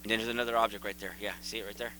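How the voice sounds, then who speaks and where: A man hosting his own video, casually and excitedly talking viewers through photos and repeating himself as he points things out. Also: lowish voice, racing, poor audio. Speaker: video host. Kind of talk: casual commentary over photos.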